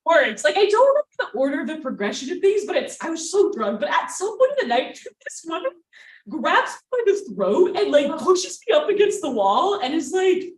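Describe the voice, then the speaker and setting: A woman's voice: extremely high pitch, big pitch swings, normal speed, recorded from a distance. Woman, storyteller, self-mocking, casual fillers, roomy venue sound, away from the mic. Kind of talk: live storytelling. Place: event space with audience.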